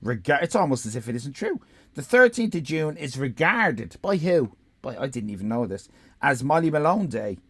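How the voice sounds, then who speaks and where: A man's voice: mid-range voice, big pitch swings, normal speed, fairly bright tone, breathy edge. An Irish man streaming live, giving rambling, sarcastic, profane commentary.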